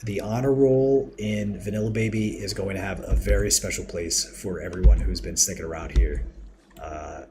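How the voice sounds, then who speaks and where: A man with a very deep voice hosts a live game stream, rambling cheerfully and thanking his chat as he works. Keyboard typing and mouse clicks clatter clearly behind him. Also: steady tone, normal speed, background noise. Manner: chatty, rambling, reads chat aloud and thanks viewers. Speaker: livestream host. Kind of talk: casual live game-building commentary.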